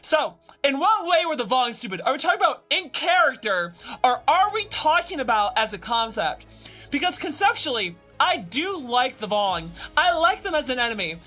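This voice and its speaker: A high, bright-toned woman chats with her live-stream audience, her pitch leaping up and down as she bursts into playful, exasperated shouts. Her delivery is excitable and lively. Soft music plays faintly behind her. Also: normal speed. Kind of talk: casual live-stream chat with viewers.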